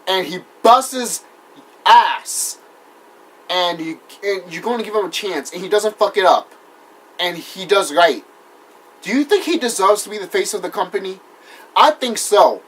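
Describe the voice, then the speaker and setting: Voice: medium pitch, expressive, moderate pace, fairly bright tone. A wrestling vlogger ranting in casual talk, heated and profane, rambling with restarts and apologizing after outbursts. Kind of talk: casual vlog rant.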